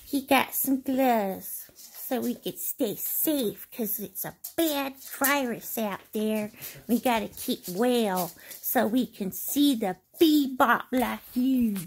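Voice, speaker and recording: A woman's voice: a little high, slow, breathy edge. A woman in a casual home vlog, talking in a sing-song way as if to a child. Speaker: vlogger.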